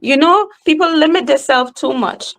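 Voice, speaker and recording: A woman with a Trinidadian accent talks in a fairly high voice at an unhurried pace. She is a podcast guest, speaking emphatically in a casual conversation. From Trinidad and Tobago. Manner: animated, emphatic, talks slowly.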